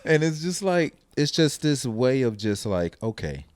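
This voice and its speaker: Speaking at medium pitch and a measured pace, a male podcast host chats casually, spinning stories with animation and performing the quotes of the people in them.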